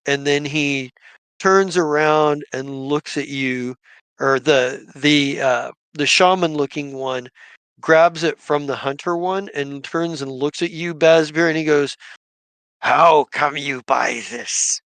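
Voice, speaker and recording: A man's voice: fairly high pitch, fairly even intonation, takes it slowly, a bit bright, smooth, no echo. A man narrating a tabletop game as game master, hesitant and full of restarts. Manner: hesitant, many fillers and restarts.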